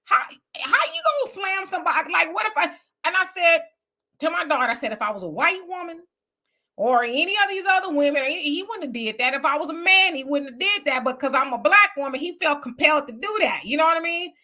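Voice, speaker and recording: High, bright-voiced Southern woman telling a heated story. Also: fairly quick. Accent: Southern US, Houston. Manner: animated storytelling, colloquial, heated. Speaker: host. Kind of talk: casual political commentary.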